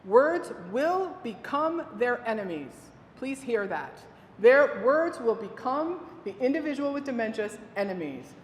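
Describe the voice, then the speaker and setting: A woman giving a dementia care talk, telling animated stories and quoting the people she works with. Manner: animated storytelling, quoting residents. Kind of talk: storytelling presentation. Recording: echoey hall with faint rumble.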